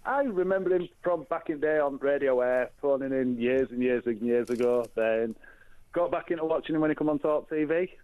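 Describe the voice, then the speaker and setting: A man phoning in to a talk show, recounting a memory in halting bursts. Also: mid-range voice. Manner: halting, amused. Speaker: caller. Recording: phone line.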